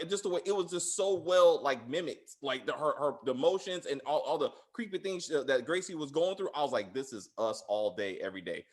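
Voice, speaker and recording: A man hosting a casual show review, retelling scenes in an excitable, profane way. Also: a little high. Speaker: podcast host.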